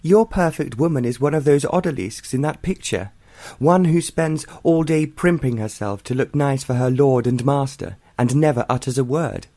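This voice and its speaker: A male audiobook reader voicing a spirited, quick-tempered young woman who answers with sharp, scornful retorts. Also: mid-range voice, dry recording, voice pushed up, close to an everyday voice.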